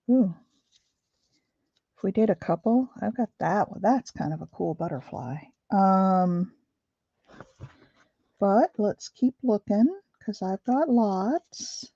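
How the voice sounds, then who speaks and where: A woman's voice: medium pitch, warm tone, no echo, dull audio. A woman hosting a craft livestream, chatting casually with viewers and thinking aloud as she works. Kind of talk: casual chat while crafting.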